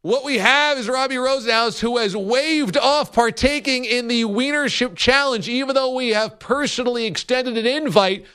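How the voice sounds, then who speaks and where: High, mocking sports radio host man. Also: bright, forceful tone, clear, resonant tone. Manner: fast, mocking, reads out listener tweets and ads. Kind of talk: animated sports radio banter.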